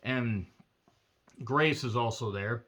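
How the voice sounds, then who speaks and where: A man's voice: mid-range voice, slow pace, pushed and bright. A man giving a casual, rambling movie review with wry asides and self-corrections, his throat a little strained. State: throat strained from doing a demon voice.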